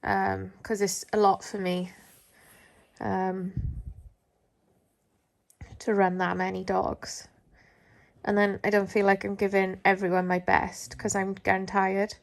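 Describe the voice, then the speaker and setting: A woman's voice: medium pitch, completely flat delivery, takes it slowly, gravelly, pauses often. A woman who shows dogs, chatting casually into her phone at home, rambling with lots of fillers. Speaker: dog show handler. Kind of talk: casual vlog chat. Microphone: phone held in hand.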